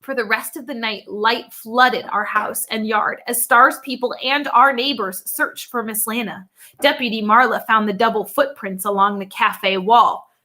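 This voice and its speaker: Bright-voiced woman reading a storybook. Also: fairly high pitch, steady tone, a little slow. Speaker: audiobook narrator. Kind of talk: first-person storybook narration.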